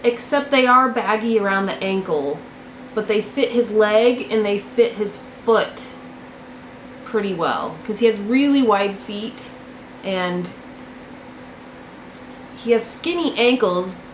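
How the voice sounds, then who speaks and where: A woman's voice: mid-range voice, slow pace, pauses often, a little hiss or hum. A young woman hosting a knitting video podcast, chatting casually and gushing about her finished projects, often repeating words for emphasis. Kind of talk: casual show-and-tell chat. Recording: echoey room.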